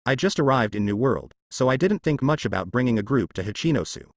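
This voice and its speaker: A man's synthetic voice playing a calm, cold young swordsman speaking in a measured way. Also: mid-range voice, dry recording, studio quality, lightly acted.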